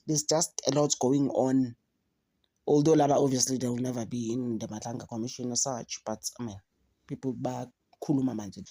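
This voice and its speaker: A South African woman hosting a casual gossip vlog. She mixes English with Zulu and talks in an animated, mocking way. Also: very deep voice, normal speed, husky. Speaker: commentator on a gossip channel.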